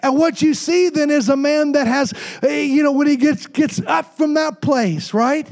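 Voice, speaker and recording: A man's voice: extremely high pitch, normal speed, vocal fry, darkish tone, soft background music. A man preaching a sermon, reading scripture and tossing call-and-response asides to the congregation, with the occasional joke. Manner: jokes with congregation. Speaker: pastor.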